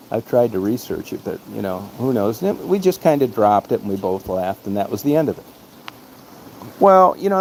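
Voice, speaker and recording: A man with an ordinary mid-pitched voice rambles through a personal anecdote, casual and profane. His talk is blunt and unpolished. A faint hiss of noise sits under the recording. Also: a little mellow. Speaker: podcast host. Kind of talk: casual storytelling monologue.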